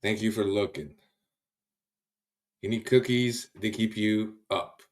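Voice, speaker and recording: A man's voice: lowish voice, takes it slowly. A man hosting a casual livestream, greeting viewers by name in a loose, chatty way and often trailing off. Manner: laughs easily, trails off and restarts. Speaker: livestream host. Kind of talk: casual live-stream chat.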